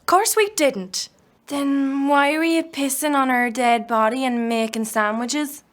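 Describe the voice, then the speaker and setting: A woman's voice: sits high, measured pace. A woman playing an exasperated teenage schoolgirl who protests that it is all unfair. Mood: indignant.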